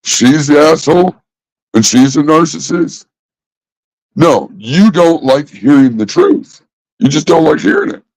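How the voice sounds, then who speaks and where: A man's voice: a little high, very animated, unhurried, vocal fry, a little mellow, no echo, rough recording. A man ranting casually in an exasperated, profane way, repeating himself. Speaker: vlogger. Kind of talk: casual rant.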